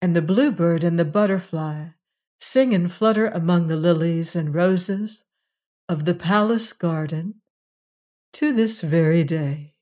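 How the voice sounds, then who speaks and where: Storyteller reading a fairy tale out loud, calm and gentle, middle pitch voice. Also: a little slow.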